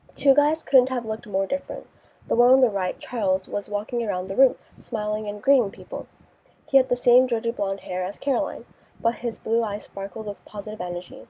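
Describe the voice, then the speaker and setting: A woman narrating a first-person audiobook in a wry, deadpan manner. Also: mid-range voice, moderate pace, slightly rough. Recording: dull lo-fi recording.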